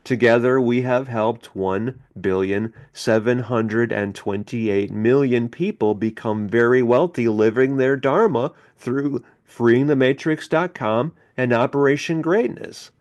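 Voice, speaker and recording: A man's voice: medium pitch, measured pace, hardly any pauses, a little mellow, dull audio. A middle-aged man hosting a motivational self-help podcast, preaching emphatically and leading listeners in chanted mantras. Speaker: podcast host.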